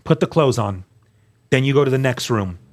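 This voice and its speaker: A man telling his story as a guest, earnest and animated, acting out the dialogue he quotes. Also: medium pitch, normal speed. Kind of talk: storytelling testimony.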